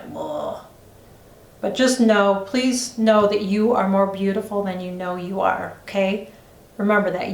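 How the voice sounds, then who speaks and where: A middle-aged woman chatting in a rambling, confiding way while she does her makeup on camera at home for a beauty vlog. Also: medium pitch. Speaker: beauty vlogger. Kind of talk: chatty get-ready-with-me vlog. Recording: roomy echo.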